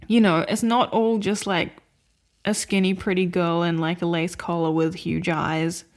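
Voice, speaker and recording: In an unhurried, level tone, a woman with a fairly low voice co-hosts a podcast and chats loosely about films she watched. She rambles, uses lots of filler words, and laughs often while reviewing them.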